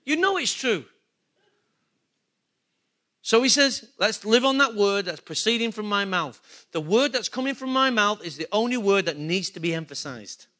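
A man's voice: sits high, lively intonation, moderate pace, sharp tone. A man preaching a sermon, talking conversationally and throwing questions at the congregation. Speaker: pastor.

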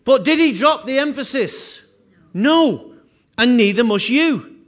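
A pastor delivering a sermon, his voice sitting high for a man. He preaches earnestly, repeating key phrases and restarting lines as he builds his point. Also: expressive, slow.

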